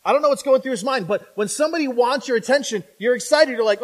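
High-voiced man preaching a lively sermon. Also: fast. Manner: conversational, with frequent "right?" tags to the congregation; animated, acting out imagined speakers.

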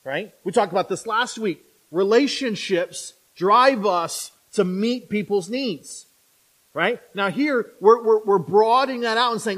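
High-voiced man preaching a lively sermon. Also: a little slow. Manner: conversational, with frequent "right?" tags to the congregation; animated, acting out imagined speakers.

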